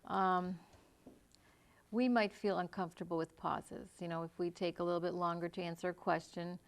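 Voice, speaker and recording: A woman co-hosting an educational talk, calm, giving brief answers and soft murmurs of agreement. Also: on the low side, normal speed. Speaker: co-host. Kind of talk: casual educational discussion.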